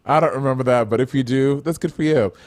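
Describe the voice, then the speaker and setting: A man's voice: medium pitch, quick pace, darkish tone. A man co-hosting a podcast in casual chat, teasing his co-host with profane banter.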